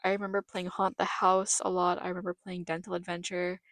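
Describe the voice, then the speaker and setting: A woman's voice: on the low side, completely flat delivery, fairly quick, a bit bright, no room sound. A young woman from the Philippines, telling chatty, nostalgic and emotional childhood stories on her podcast. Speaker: podcast host. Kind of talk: personal storytelling podcast.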